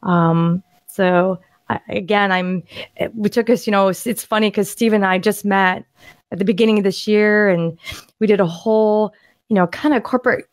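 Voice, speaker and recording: A woman co-hosting a podcast, excitedly walking through property deals on screen in a casual, rambling way with frequent restarts. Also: medium pitch, normal speed, no room sound. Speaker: podcast co-host and land investor. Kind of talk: casual screen-share deal walkthrough.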